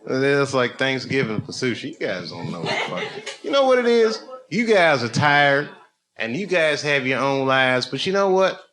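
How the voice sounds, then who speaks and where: A man's voice: mid-range voice, expressive, moderate pace, pushed and bright. A middle-aged man, a comedian, joking loosely with people in a live club. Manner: loose, joking, chatty with the audience. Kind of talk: casual crowd banter on stage.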